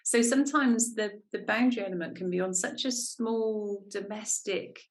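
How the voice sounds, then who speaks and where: Woman, podcast co-host, mid-pitched voice, candid self-reflective storytelling, casual chat. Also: moderate pace.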